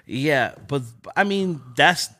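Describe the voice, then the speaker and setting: A man's voice: fairly high pitch, takes it slowly. A young man from Los Angeles telling street stories in casual chat, acting out voices as he goes. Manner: animated, acts out voices in stories. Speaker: guest. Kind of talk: casual storytelling.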